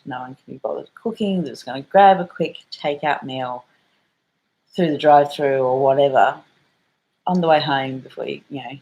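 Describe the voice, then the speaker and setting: An extremely low, slightly mellow voice comes through a low-quality recording. It belongs to a middle-aged Australian woman vlogging a rambling, chatty story with plenty of slang and an occasional swear word.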